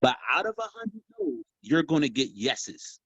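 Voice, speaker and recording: Guy hyping up a sales team, talks loose and animated, muffled dry sound. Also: on the high side, unhurried, gravelly, breathy edge, no echo. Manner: animated, casual, addresses group as y'all. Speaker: sales trainer. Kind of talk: motivational training talk.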